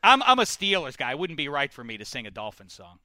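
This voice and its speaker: A man's voice: on the high side, big pitch swings, quick pace, bright, forceful tone, dry recording. A man hosting a sports radio show in casual chat, joking and bantering with his co-hosts.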